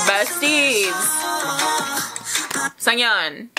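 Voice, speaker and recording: A young woman hosting a music video reaction, gushing with excited squeals and gasps as loud music plays behind her. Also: a little high, normal speed. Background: loud music video playing.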